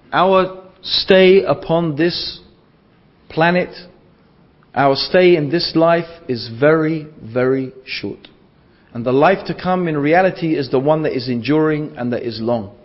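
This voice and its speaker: A man giving a religious lecture to an audience, rhetorical and repeating phrases for emphasis. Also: fairly high pitch. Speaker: Islamic lecturer. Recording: dull lo-fi lecture recording.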